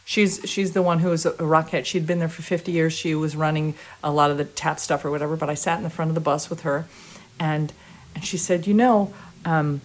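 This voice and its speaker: A woman guest in an interview, telling a story in a lively way, often laughing and restarting her sentences. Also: low-pitched, fast talker. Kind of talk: conversational storytelling.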